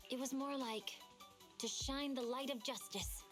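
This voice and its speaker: An actress playing a composed female officer who speaks in a measured, even tone, heard as game audio from farther off. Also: high-pitched, over music. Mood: calm.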